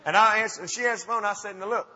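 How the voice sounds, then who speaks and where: A man in his fifties with an Alabama accent, telling folksy, animated stories to an audience. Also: high voice, rapid-fire. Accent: Southern US, Alabama. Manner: folksy, animated, self-mocking. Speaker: speaker. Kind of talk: storytelling talk to an audience. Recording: dull recording with long hall reverb.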